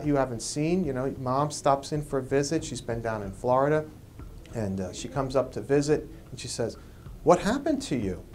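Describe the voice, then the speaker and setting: A man, a medical expert, explaining hormone changes in an interview and lively acting out quoted people. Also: medium pitch, a little hiss or hum. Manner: animated, acts out quoted people.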